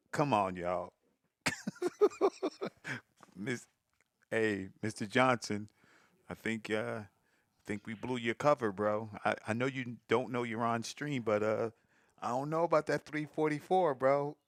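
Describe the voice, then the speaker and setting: A man's voice: mid-range voice, no room sound, clean studio sound. A man doing casual live commentary on a pool stream, teasing the players, giggling often and talking straight to his viewers.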